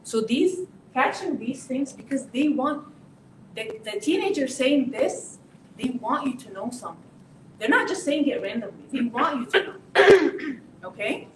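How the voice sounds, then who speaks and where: Woman giving a lively parenting talk. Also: high-pitched. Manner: lively, acts out parent and teen voices, repeats "okay?". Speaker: parenting workshop speaker. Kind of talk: parenting lesson to an audience. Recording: echoey room, voice from a distance, faint noise.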